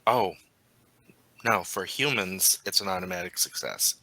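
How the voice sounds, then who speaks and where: A man narrates a tabletop role-playing game as its storyteller. He talks very slowly, pausing on ums, with a strikingly bright, forceful tone sitting a little low in pitch. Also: no room sound, poor audio. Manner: unhurried, halting narration with frequent ums.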